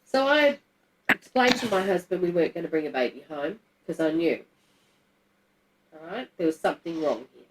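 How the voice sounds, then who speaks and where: A woman's voice: lowish voice, expressive, moderate pace, long pauses, slight background noise, low-quality recording. A middle-aged woman, telling a personal story to a group in a candid, blunt and emotional way, swearing freely. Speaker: guest telling her story.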